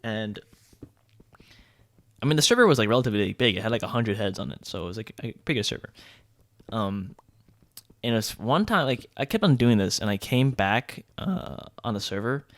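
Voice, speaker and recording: A man's voice: lowish voice, animated, a little fast, pauses often, no room sound, studio quality. A young man telling a casual gaming story in a rambling, joking way, full of filler words. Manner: laid-back and joking. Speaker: gaming vlogger.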